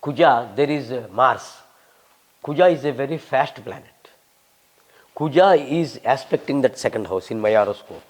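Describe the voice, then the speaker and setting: A man in his sixties with a Telugu accent, a visiting scholar answering questions in a fast, humorous and emphatic way. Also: mid-range voice, animated. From Telugu-speaking South India. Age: 60s. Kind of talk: lecture-style Q&A.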